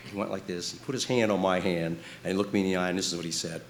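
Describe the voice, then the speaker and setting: A middle-aged man stands before a live audience and introduces the main guest with a long, meandering anecdote. His voice is bright and forward, and he stumbles through fillers and restarts. He pokes fun at himself as he goes. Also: deep voice, fairly even intonation, brisk, slight background noise. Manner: rambling, self-deprecating storyteller with fillers and restarts.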